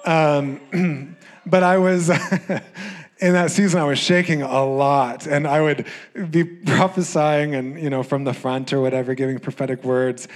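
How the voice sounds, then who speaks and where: A young adult male pastor with an American accent, preaching a sermon and telling a personal story with laughs, fillers and lively shifts of energy. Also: on the high side, unhurried.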